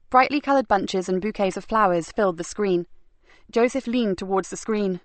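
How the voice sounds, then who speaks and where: A woman narrating a crime novel audiobook in a steady, even storytelling manner. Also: medium pitch, moderate pace, dry recording. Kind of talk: scripted narration.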